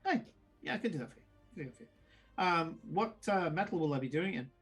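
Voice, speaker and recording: A man voicing a gruff old female dwarf blacksmith who talks in a brusque, businesslike way. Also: on the high side, expressive, fast, faint music behind. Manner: brusque, businesslike, calls others lad.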